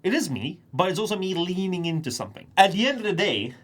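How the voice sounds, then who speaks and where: A man's voice: high voice, very animated, quick pace, fairly bright tone. A young man streaming live, talking casually to his chat in a rambling, think-aloud monologue.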